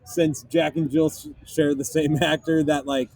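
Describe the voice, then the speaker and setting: A man's voice: fairly high pitch, little pitch movement, a little slow, darkish tone. A young man co-hosting a casual chat outdoors, telling stories with lots of laughs and filler words. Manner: laid-back storytelling with frequent laughs and "like" fillers. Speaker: podcast co-host. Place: outdoor park basketball courts.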